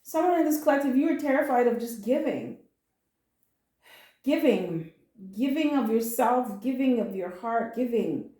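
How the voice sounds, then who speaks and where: A woman's voice: fairly high pitch, lively intonation, normal speed, warm tone, roomy sound. A woman giving a casual spoken tarot reading, earnest and comforting, emotional at times and blunt with slang. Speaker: tarot reader.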